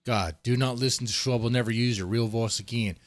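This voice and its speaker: A man's voice: medium pitch, fairly even intonation, fairly quick, no echo. A man in his thirties live-streaming, chatting loosely and joking in an exaggerated put-on Southern drawl. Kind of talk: casual live-stream chat.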